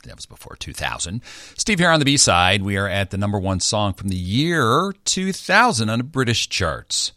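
A man's voice: lowish voice, very animated, moderate pace, hardly any pauses, sharp tone, dry recording, studio quality. A middle-aged man hosting a chart countdown, chatting playfully like a radio DJ. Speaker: radio DJ host.

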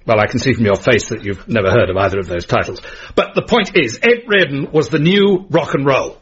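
A pompous, pedantic middle-aged writer. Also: male voice, medium pitch, fairly quick, fairly bright tone, breathy edge, lo-fi sound. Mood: lecturing. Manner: pedantic, sardonic. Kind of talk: radio comedy acting.

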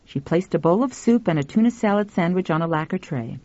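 A woman narrating a story in an expressive, scripted reading. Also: fairly low pitch, fairly quick, hardly any pauses, no room sound. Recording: dull lo-fi, dry.

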